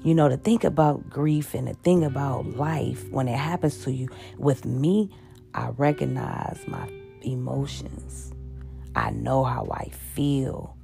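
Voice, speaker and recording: A woman with a very deep, gravelly voice talks in a personal confessional monologue. She is halting and openly emotional, stumbling over repeated words and fillers. Music plays clearly beneath her voice. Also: warm tone. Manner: heavy-hearted, openly emotional. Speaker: podcast host. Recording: music playing underneath.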